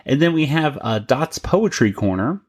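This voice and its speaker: A man's voice: on the high side, sing-song, moderate pace, slightly rough, faint music behind. Chatty male podcast host. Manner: chatty, laughs often, many restarts. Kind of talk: casual podcast chat.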